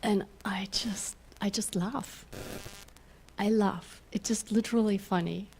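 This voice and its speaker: A woman minister gives a gentle spiritual talk in a middle-range voice, laughing often as she leads her listeners through slow breaths. A faint hum of room noise sits behind her. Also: medium pitch, fairly even intonation, gravelly. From German-speaking Europe. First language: German. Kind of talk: spiritual talk with guided exercises.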